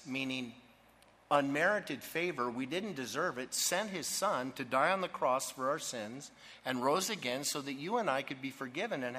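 Emphatic preacher with a bright voice in a reverberant hall. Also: male voice, on the high side, slightly rough. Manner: emphatic, asks the congregation to fill in words. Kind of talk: sermon.

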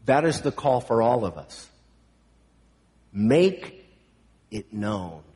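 Male pastor, emphatic sermon delivery, mid-pitched voice, church hall with long reverb. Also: sing-song, slow pace. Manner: emphatic preaching, swelling to loud proclamations.

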